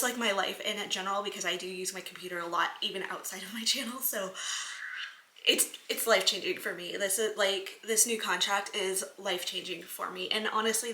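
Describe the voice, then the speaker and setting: Woman vlogger, chatty and giggly, bright voice, roomy camera-mic sound. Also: medium pitch. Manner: bubbly, giggly, gushing. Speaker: flight attendant vlogger. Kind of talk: casual vlog update. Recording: echoey room.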